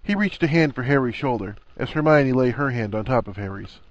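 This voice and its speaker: Male narrator, animated storybook read, dry close recording. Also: mid-range voice, a little fast, no room sound, dull audio. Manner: expressive, melodic. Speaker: reader.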